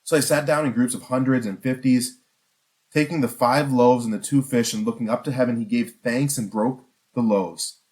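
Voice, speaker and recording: A man's voice: mid-range voice, fairly even intonation, moderate pace, darkish tone. A man preaching a sermon in an earnest, conversational way, asking the listeners questions and often restarting his sentences. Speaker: pastor.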